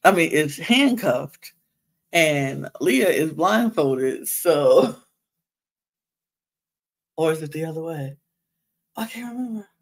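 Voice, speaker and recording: A woman's voice: sits low, animated, takes it slowly, long pauses. A woman hosting a podcast, giving a casual gossipy recap of a reality show, chatty and laughing often. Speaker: podcast host.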